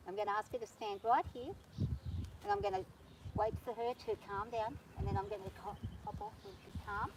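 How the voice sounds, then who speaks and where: A woman vlogging from horseback on her farm, talking nervously and gently soothing her horse. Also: mid-range voice, fairly even intonation, normal speed, heavy background noise. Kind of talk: casual spoken vlog.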